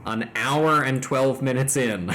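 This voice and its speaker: A man hosting a stream, chatting casually with jokes, swearing and quick asides. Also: medium pitch, fairly bright tone, a little hiss or hum. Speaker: streamer host.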